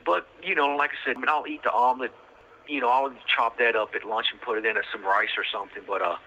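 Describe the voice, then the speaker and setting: Over a prison phone line, a podcast host tells his own story in a rambling way, full of fillers and street slang. His medium-pitched voice is steady, fast, bright, and forceful.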